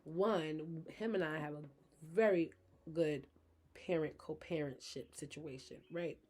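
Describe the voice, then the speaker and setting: A woman's voice: low voice, unhurried, mellow. A woman talking frankly to her viewers in a personal vlog, chatty and open about being a mother. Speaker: vlogger, mother of her kids. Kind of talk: candid personal vlog talk.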